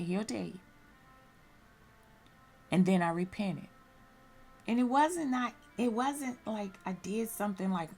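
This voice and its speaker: A woman's voice: mid-range voice, vocal fry. A woman sharing a personal religious testimony, speaking earnestly and candidly and repeating phrases for emphasis.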